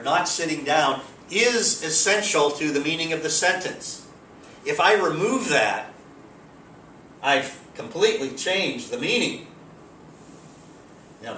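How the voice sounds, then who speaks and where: A man teaching a grammar lesson in a relaxed, explanatory way with frequent fillers, recorded from a distance. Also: a little high. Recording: roomy, distant mic, faint background hiss.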